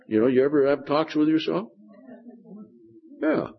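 A man's voice: a little high, sing-song, measured pace, gravelly, long pauses, breathy edge, highs cut off. A man preaching a sermon, often turning to the congregation with questions. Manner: keeps asking the congregation questions.

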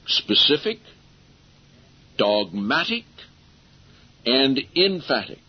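A husky-voiced man preaches a sermon, reading scripture aloud in an emphatic way. He slows right down to drive home key phrases. The recording is dull and lo-fi. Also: mid-range voice, expressive.

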